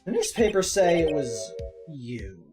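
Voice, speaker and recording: A woman's voice: low voice, big pitch swings, a little slow, over music. A woman chatting casually and joking through a game play-through. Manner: joking, teasing. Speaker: streamer.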